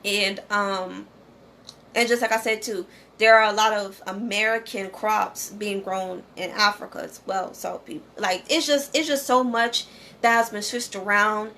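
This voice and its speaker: A woman's voice: medium pitch, fairly even intonation, unhurried, sharp tone. Woman just chatting to her viewers, keeps saying okay, bit of hiss behind. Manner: conversational, repeats "okay?" and "you know". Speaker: channel host. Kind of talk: casual monologue to viewers.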